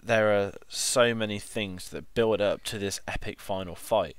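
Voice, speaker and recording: A man co-hosting a casual film review chat, enthusiastic and halting, repeating words. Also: on the low side, clear, resonant tone, no echo. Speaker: film club co-host.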